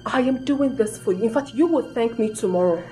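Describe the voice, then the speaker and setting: A woman's voice: a little high, expressive, brisk, dark tone, faint music behind, close to an everyday voice. A Nigerian actress playing a haughty young woman who coldly lectures and dismisses her boyfriend. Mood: scornful. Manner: cold, scornful, lecturing. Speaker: actor. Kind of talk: film acting.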